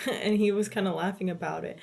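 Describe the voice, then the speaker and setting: A woman's voice: medium pitch, steady tone, brisk, vocal fry, darkish tone. Teen girl vlogging, super casual, says like a ton, kinda swears. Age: late teens. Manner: rambling, heavy "like" filler, casual swearing. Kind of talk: casual chat.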